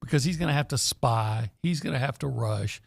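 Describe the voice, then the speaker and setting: Gravelly-voiced male radio co-host. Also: mid-range voice, no echo, studio quality. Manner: measured, teasing, with playful put-on quotes. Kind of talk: sports talk radio chat. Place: radio studio.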